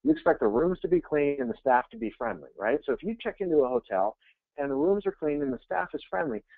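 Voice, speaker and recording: A man coaching real estate agents in a webinar, telling jokey, energetic stories. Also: on the high side, no echo. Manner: energetic, joking, fast anecdotes. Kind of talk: webinar coaching talk with storytelling. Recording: tinny phone-like line, dry.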